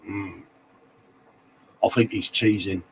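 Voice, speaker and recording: A man's voice: on the low side, steady tone, takes it slowly, creaky, breathy edge, poor audio. A middle-aged man, hosting a casual live stream and reading out viewer comments in matey banter. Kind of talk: casual chat.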